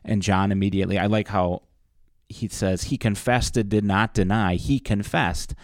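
A man with a notably low voice explains Bible passages patiently, like a teacher. His speech is dry and close-miked, without echo. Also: steady tone, normal speed. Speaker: pastor co-host. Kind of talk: casual Bible study discussion.

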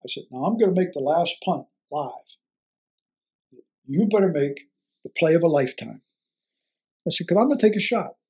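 An older man, a former football coach, telling a story in an interview in an animated way, acting out the dialogue and chuckling often. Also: on the high side, moderate pace, long pauses, husky.

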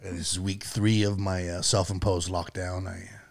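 A man co-hosting a casual podcast chat, easygoing and quick to laugh, often trailing off quietly. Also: low-pitched, level tone, vocal fry, a crowd in the background. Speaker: podcast co-host.

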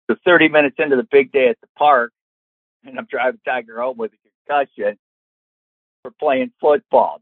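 Husky man telling a story over a tinny line. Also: medium pitch, a little fast, no room sound. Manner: animated, acts out quoted voices. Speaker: storyteller guest. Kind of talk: casual anecdote telling. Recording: tinny phone-like sound.

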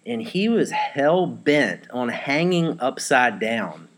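A man's voice: mid-range voice, sing-song, slow pace. A young man from western Virginia, a guest on a podcast, telling stories about himself in a friendly, easygoing way. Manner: friendly, easygoing, many ums and uhs. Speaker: podcast guest, jiu-jitsu black belt. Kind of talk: casual interview storytelling.

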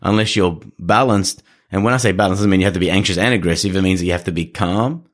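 A man who trains dogs, talking through his advice in a casual podcast chat, earnest and coaching, now and then acting out quick scenes with owners and dogs. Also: deep voice. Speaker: dog trainer.

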